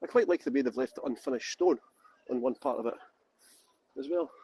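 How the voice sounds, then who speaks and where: Walking outdoors through castle grounds, a Scottish-accented tour guide from England live-streams on a handheld phone, joking and talking with viewers. He speaks fairly quickly at medium pitch, his dark voice carrying a breathy edge, and the audio is poor.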